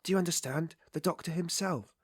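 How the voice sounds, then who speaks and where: Loud, tipsy young friend, as a narrator voices him. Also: male voice, a little high, a little fast, breathy edge, no room sound, clean studio sound, voice pushed up. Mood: blustering tipsy. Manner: loud and blustering.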